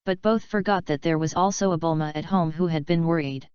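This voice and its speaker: Smooth, low-voiced woman narrator. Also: a little fast, a little mellow, no echo, muffled recording. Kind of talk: audiobook narration.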